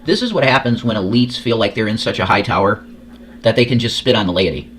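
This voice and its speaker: A man's voice: on the low side, lively intonation, fast, a bit bright, slight background noise. A man hosting a casual reaction show, talking crudely and rambling, repeating words as he goes. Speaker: host.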